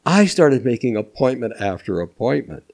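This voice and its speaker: An older man from Minnesota, a podcast guest telling animated anecdotes with chuckles. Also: mid-range voice, moderate pace. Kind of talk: storytelling interview.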